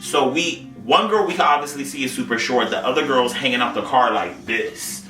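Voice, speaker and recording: Animated slangy man telling a story. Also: medium pitch, a little fast. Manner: animated, slangy, swearing freely. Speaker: podcast co-host. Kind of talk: casual storytelling. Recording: roomy sound, mic at a distance, faint music.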